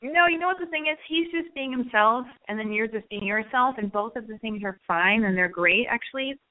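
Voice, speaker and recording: A woman hosting a radio advice segment, talking in a blunt, animated way and swearing as she gives a caller a pep talk. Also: fairly high pitch, fairly quick. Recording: phone-like narrow band.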